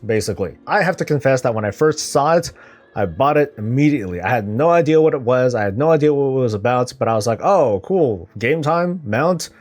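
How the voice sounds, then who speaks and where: A man hosts a gaming news show in a casual, scripted style, dropping wry and sarcastic asides. His pitch sits in the middle of the usual male range. Faint music plays behind him. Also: darkish tone.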